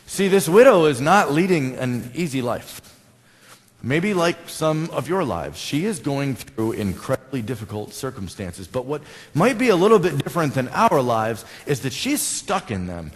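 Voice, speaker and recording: A man's voice: mid-range voice, sing-song, moderate pace. A male pastor with an American accent, preaching a conversational sermon and putting questions to his congregation. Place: church sanctuary. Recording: long church reverb.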